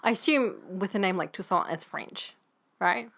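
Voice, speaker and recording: Rich: A woman chatting casually as she co-hosts a gameplay video, quick to swear and laugh. Her pitch swings lively around a mid register. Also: creaky. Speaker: let's play co-host.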